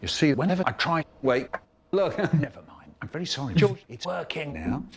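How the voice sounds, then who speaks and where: A man's voice: fairly high pitch, big pitch swings, moderate pace, husky, heavily acted. A man acting a flustered older man who struggles with his computer in a comedy skit, stammering and laughing mid-line.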